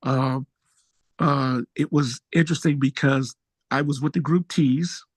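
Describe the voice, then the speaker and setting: A man who is a musician guest, telling stories in a relaxed, slangy way and jumping high in pitch when excited. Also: measured pace, breathy edge, dry recording. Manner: animated storyteller, jumps high when excited. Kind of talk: casual storytelling interview.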